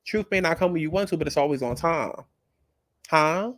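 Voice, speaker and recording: A man's voice: fairly high pitch, normal speed, a bit bright, no echo. Brash, profane man doing reaction commentary. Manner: blunt, profane, sassy and emphatic. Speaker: commentary channel host.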